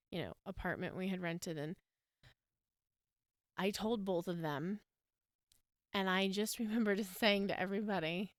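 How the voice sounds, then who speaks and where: Speaking in a fairly low, clean voice, a US podcast host in her thirties opens up about a personal story, rambling emotionally with plenty of laughs and filler words. The recording is dry and of studio quality.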